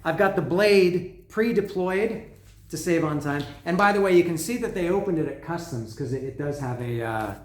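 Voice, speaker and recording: A man casually talking through an unboxing of records, rambling and excitable, swearing freely and restarting his sentences. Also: fairly high pitch, normal speed, echoey room. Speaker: vinyl record vlogger. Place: lives in Mexico.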